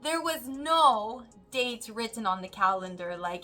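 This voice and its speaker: A woman's voice: on the high side, a little slow, hardly any pauses, faint music behind. A woman, a mother, casually telling a story to camera and animatedly acting out what others said. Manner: animated, acts out quoted voices. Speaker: mother vlogger.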